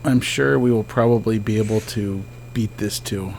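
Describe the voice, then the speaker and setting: A man's voice: lowish voice, moderate pace, gravelly, darkish tone, a little hiss or hum. A man giving casual let's-play commentary as a game streamer, chatty and joking, talking back to the ghosts on screen.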